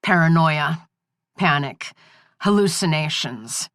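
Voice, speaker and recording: A woman's voice: deep voice, animated, takes it slowly, a bit bright, dry recording, clean studio sound, exaggerated voice. A woman reading the part of a ruthless male scientist who threatens and coldly explains himself, in a menacing, matter-of-fact way. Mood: coldly explaining.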